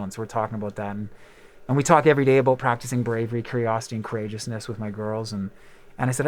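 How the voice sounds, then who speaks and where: Fast-talking man telling candid stories. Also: mid-range voice, steady tone. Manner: rambling, candid storytelling with many fillers and swearing. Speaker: podcast host and musician. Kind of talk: casual chat.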